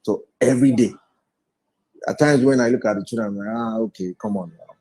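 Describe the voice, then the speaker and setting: Mellow husky man in his forties. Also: fairly low pitch, a little fast, poor audio. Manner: earnest, reflective, retells conversations. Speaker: guest speaker. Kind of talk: personal testimony in an interview.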